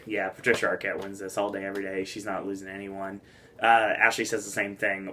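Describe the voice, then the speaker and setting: A man's voice: deep voice, level tone, fairly quick, pushed and bright. A man co-hosting a casual awards-prediction chat, laughing often and reading out a colleague's picks. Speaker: podcast co-host.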